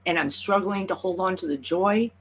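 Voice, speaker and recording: A woman's voice: fairly low pitch, moderate pace, slight background noise. A woman tarot reader talking through a personal story in a rambling, earnest way, full of "like" and "you know.". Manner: earnest and emotional. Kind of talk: reflective personal vlog.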